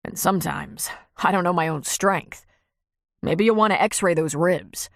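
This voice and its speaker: A woman reading an audiobook, voicing a huge, calm male fireman and paramedic with a deep, growly voice. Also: measured pace, vocal fry, dry recording, clean studio sound. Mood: reassuring. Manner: calm, reassuring.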